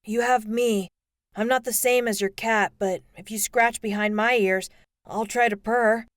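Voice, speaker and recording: A woman's voice: a little high, fairly even intonation, unhurried, dry recording, clean studio sound, lightly acted. Woman reading as a tender teenage boy. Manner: soft, comforting. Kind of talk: audiobook character voice.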